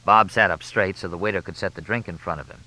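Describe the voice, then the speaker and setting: A man reading a comic mystery novel aloud in a crisp, expressive way. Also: low-pitched, fast talker, no echo, low-quality recording. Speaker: audiobook narrator. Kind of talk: audiobook narration of a comic mystery.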